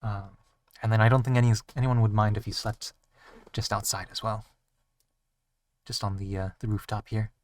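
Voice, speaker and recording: A man narrating a tabletop role-playing game as game master, pausing often with ums and uhs. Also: fairly low pitch, level tone, darkish tone, no room sound, far from the mic. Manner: halting, many ums and uhs.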